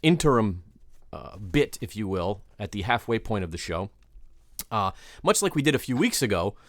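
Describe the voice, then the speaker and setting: A man's voice: fairly low pitch, sing-song, moderate pace, dry recording, clean studio sound. A man co-hosting a podcast, setting up a bit in casual chat, rambling with many fillers and restarts. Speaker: podcast co-host.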